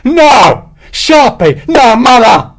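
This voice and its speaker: A man's voice: fairly low pitch, big pitch swings, normal speed. Cowardly male sergeant voiced by a man, pleading and screaming in panic, storybook villain. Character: cowering treacherous male army sergeant.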